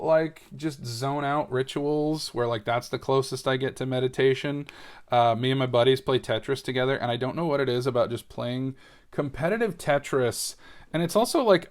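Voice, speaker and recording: A young man from New England hosting a casual solo episode, chatting and rambling with lots of fillers while he builds a Lego set. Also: mid-range voice. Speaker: podcast host.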